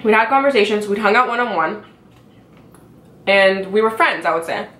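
Young woman vlogger, exasperated chatty rant over food, mid pitch, roomy echo. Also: lively intonation, normal speed, a bit bright, slight background noise. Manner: chatty, exasperated, lots of "like" fillers; talking while eating and chewing. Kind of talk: casual mukbang rant. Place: home, at a dining table. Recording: echoey room.

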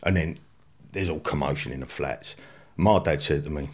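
With a low, husky voice and a quick pace, an English guest in his forties tells his life story in a London accent. He's blunt and unpolished, livening things up with dropped-in slang.

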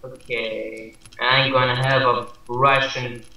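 A man's voice: medium pitch, little pitch movement, takes it slowly, pushed and bright. A young man joking dryly with a friend while they play a game. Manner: dry, joking banter. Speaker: gamer. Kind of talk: casual gameplay commentary. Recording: echoey room.

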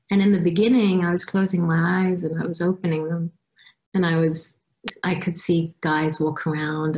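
A woman's voice: low-pitched, a little mellow. A woman giving a personal storytelling talk as a guest speaker, reflective and acting out her past reactions. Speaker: guest speaker at a youth summit.

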